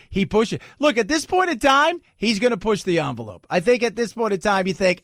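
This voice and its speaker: A man hosts a talk radio show with a swooping, lively delivery and a slightly high voice. He jokes and mocks, now and then slipping into put-on voices. The studio sound is dry and close. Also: a little fast, no room sound. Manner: animated and joking, with mocking put-on voices. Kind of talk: opinionated talk radio monologue. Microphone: studio microphone.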